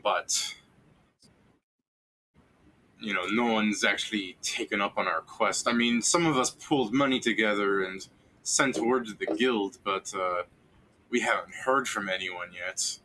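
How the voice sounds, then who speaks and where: A man's voice: on the low side, measured pace, bright, forceful tone, a little hiss or hum, low-quality recording. A man voicing a worried male townsperson who rambles and turns sarcastic. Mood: snippy.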